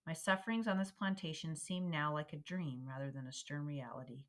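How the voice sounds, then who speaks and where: Low-voiced woman reading a memoir aloud. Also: fairly quick. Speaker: reader.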